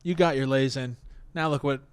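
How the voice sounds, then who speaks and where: A man, a comedian guest in casual chat, throwing quick wisecracks and teasing questions. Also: mid-range voice, fairly even intonation, smooth, dry recording.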